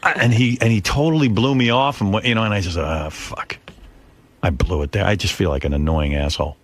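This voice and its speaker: A man's voice: on the low side, fast talker. An older man hosting a radio show, telling a story in casual chat and acting out the voices of the people in it. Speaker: radio host. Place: radio studio.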